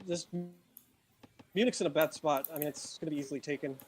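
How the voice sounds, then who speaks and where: Man co-casting a strategy game, higher voice. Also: fast, slight background noise. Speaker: co-commentator. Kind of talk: esports commentary.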